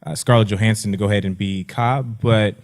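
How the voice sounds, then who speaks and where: A man's voice: on the low side, fairly even intonation, a little fast. A man from Los Angeles on a movie chat panel, easygoing, with frequent "uh" fillers. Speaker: podcast panelist.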